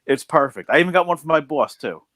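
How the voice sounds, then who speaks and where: A man's voice: fairly high pitch, lively intonation, fast, fairly bright tone, no echo. A man from the New York area co-hosting a podcast, ranting bluntly and swearing a lot. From northern East Coast of the US, New York area. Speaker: podcast co-host. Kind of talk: casual podcast chat.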